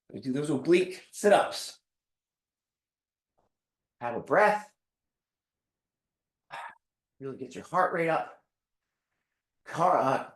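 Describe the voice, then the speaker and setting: A male fitness instructor leading a live workout class, counting reps aloud and giving calm step-by-step cues while out of breath. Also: fairly high pitch, roomy sound.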